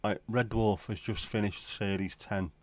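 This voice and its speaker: Wry British man, low voice, dry sound. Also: level tone, a little slow, no room sound. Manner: rambling, wry, talks to himself. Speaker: livestream host. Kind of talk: casual late-night chat with viewers.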